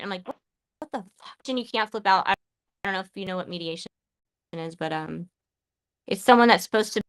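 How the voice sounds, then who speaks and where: A woman talks on her live podcast in a bright, forceful voice, recorded dry and close. She swears often and speaks in halting bursts, stopping and restarting her sentences. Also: mid-range voice, no echo, poor audio. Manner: emotional, profane, halting with many restarts. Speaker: podcast host.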